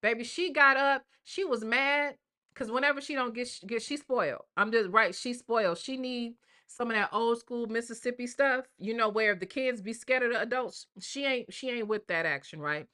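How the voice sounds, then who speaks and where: This older woman hosting a casual live stream has a fairly high voice, pushed and bright, delivered at normal speed. She chats away in slang, and viewers get called "y'all" and "baby."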